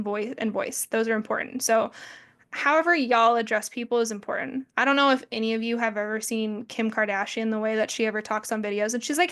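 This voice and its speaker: A woman in her twenties giving a casual, friendly presentation with lots of fillers. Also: fairly high pitch. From American Midwest family. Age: 20s. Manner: chatty, friendly, peppered with fillers. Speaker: social media presenter.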